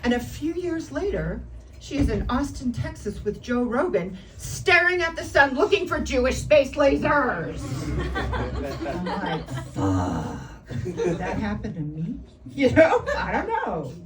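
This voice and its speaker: A woman performing a stand-up comedy set on a club stage, brash and animated, often laughing at her own jokes. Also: high-pitched, unhurried, crowd noise. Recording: distant mic with noisy room.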